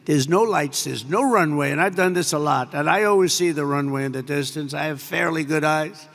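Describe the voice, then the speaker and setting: A man's voice: fairly high pitch, brisk, fairly bright tone. An older American man giving a rambling, off-the-cuff speech to troops, full of superlatives and asides. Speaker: president addressing troops. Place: large air base hall. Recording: long reverb from a large hall.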